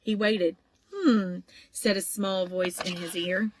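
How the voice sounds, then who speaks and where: A woman narrating an audiobook in a steady, even storytelling voice, with the odd small stumble. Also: on the low side, unhurried, a little hiss or hum. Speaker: audiobook reader.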